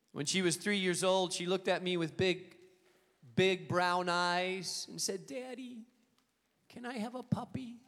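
A man preaching a sermon to an auditorium, telling a story and acting out the quoted lines with lively energy. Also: high-pitched. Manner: storytelling, animated, acts out quotes. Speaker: pastor. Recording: long reverb of a hall.

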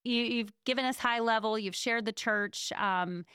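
A woman's voice: fairly high pitch, normal speed, a bit bright, clean tone, no echo, clean studio sound. A woman hosting an interview, speaking in an affirming, reflective way. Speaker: podcast host.

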